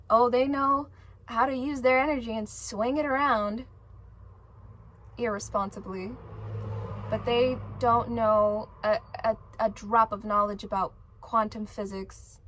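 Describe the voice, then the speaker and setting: A woman's voice: on the high side, fairly bright tone. Emphatic, rambling woman vlogger. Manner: emphatic, rambling, swears freely; many fillers and restarts. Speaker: spiritual vlogger. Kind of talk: casual monologue to camera.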